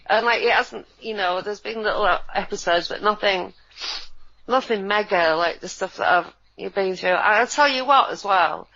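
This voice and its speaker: A woman, co-hosting in a sardonic, animated casual chat. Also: medium pitch, moderate pace. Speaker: co-host. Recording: dull lo-fi audio.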